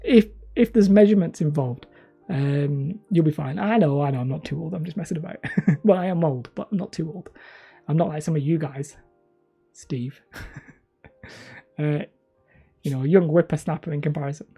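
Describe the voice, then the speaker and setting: Husky, mellow-voiced man in his thirties. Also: fairly high pitch, moderate pace, long pauses, faint music behind. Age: 30s. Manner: rambling, self-mocking, chuckling. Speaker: hobby terrain channel host. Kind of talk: casual live-stream chat with viewers.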